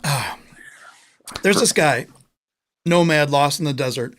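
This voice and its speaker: A man's voice: fairly high pitch, slow, fairly bright tone, a little hiss or hum. Rambling man telling a long joke. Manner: rambling storyteller, searches for words. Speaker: podcast co-host. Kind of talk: casual joke telling on a live show.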